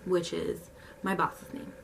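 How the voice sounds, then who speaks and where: A woman's voice: distant mic, noisy background. A young woman animatedly telling a story in casual, slangy speech. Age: young adult. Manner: animated, slangy, fast retelling.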